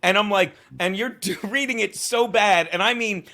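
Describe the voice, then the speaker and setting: Higher pitched guy, bright voice, busting his guest's chops on a podcast. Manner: teasing, quick ribbing jokes. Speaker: host. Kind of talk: casual podcast chat.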